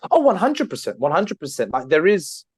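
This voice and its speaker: Earnest male podcast host, higher voice. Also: huge pitch swings, normal speed, darkish tone, husky, no echo. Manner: earnest, explaining at length. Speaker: podcast co-host, trained therapist. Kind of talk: casual chat.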